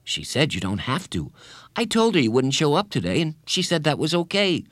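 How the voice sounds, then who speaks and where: A man voicing a gentle, earnest young schoolboy who speaks mildly and reasonably. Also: a little high, very animated, normal speed, no room sound, studio quality, pitched above the performer's own voice. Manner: mild, reasonable, soft-spoken.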